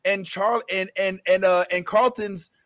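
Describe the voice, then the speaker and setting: High-voiced, rambling male podcast host. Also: unhurried. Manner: rambling with many restarts and fillers, animated when quoting scenes. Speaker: show host. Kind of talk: casual pop-culture discussion.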